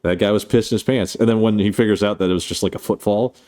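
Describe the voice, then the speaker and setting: A man's voice: on the low side, steady tone, fast talker, warm tone. A man on a live stream, chatting casually and swearing as he recaps a film. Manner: rambling, profane, playful.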